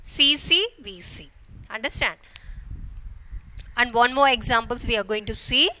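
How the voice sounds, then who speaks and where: A woman teacher with an Indian English accent giving a grammar lesson to schoolchildren, explaining slowly and repeating "okay" and questions to the class. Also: a little high, sharp tone, a little hiss or hum. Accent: Indian English, from Kerala. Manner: slow, repetitive explaining with frequent "okay" and rhetorical questions.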